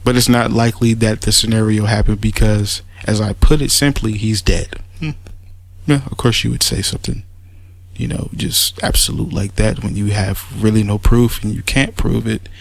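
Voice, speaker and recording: A man's voice: fairly low pitch, steady tone, normal speed, creaky, dry recording. A man giving a mocking, rambling spoken rebuttal, sarcastic and full of restarts. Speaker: commentator making a response audio.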